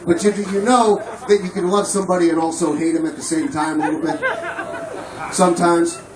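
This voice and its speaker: A man doing a crude, profane, rambling stand-up comedy set on a comedy club stage. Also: high-pitched. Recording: roomy, distant mic, loud crowd laughter.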